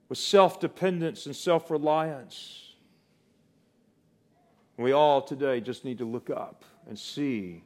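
A man preaching a sermon, swinging from loud, rising declarations to soft, slow, hushed passages. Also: medium pitch.

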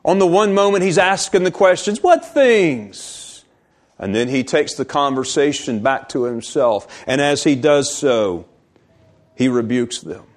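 Man preaching, slow and emphatic. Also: a little high, expressive. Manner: reads scripture aloud, then explains it with emphasis; slows down to stress key words. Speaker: pastor. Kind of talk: sermon.

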